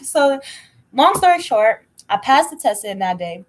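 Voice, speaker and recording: A young woman, telling a personal story in casual chat, blunt and animated, swearing freely. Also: mid-range voice, a little fast, low-quality recording. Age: young adult. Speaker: tarot reader telling a story.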